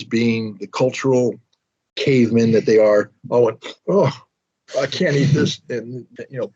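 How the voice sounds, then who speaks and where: American man, middle-aged, casual storyteller, husky voice, muffled recording. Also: mid-range voice, darkish tone. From United States. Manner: anecdotal, self-mocking, acts out quotes. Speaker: guest telling a story. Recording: dull lo-fi audio.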